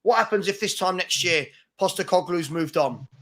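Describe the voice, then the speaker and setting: A man hosting a live fan chat show, talking in animated, exasperated bursts with plenty of mock outrage. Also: high voice, moderate pace. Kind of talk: casual live-stream football chat.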